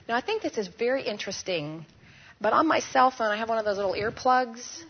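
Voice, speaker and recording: A woman delivers a storytelling sermon in a lively, conversational way, often checking in with her listeners. Her voice sits somewhat high. The recording is muffled and lo-fi with a faint hiss behind it. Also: a little fast. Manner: animated, conversational, asks audience questions. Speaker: speaker addressing a women's gathering.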